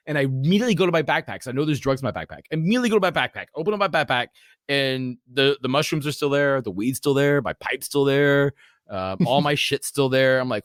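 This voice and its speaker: A man's voice: a little high, quick pace, no room sound. Guy in his 40s cussing his way thru a wild story, dead dry close sound. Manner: profane, rambling, animated retelling. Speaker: podcast guest. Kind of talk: casual storytelling.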